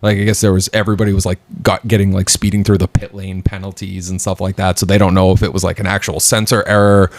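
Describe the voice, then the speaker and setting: A man's voice: deep voice, little pitch movement, quick pace, few pauses, no echo. A man co-hosting a podcast from his home basement, chatting casually and rambling with lots of fillers. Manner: rambling, filler-heavy storytelling. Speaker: podcast co-host. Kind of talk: casual chat.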